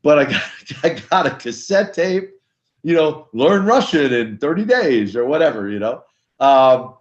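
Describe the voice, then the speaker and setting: Older guy telling stories, acts out the conversations, kinda high voice, bit dull lo-fi sound. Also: measured pace. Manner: animated storyteller acting out dialogue. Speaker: guest, former wrestler turned minister. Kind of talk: storytelling interview.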